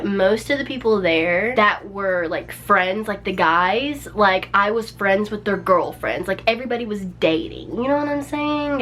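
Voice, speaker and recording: A woman's voice: mid-range voice, fairly bright tone. A young woman vlogger telling a personal story in a casual, chatty way, peppered with "like" and small laughs. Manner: chatty, many "like"s and little laughs.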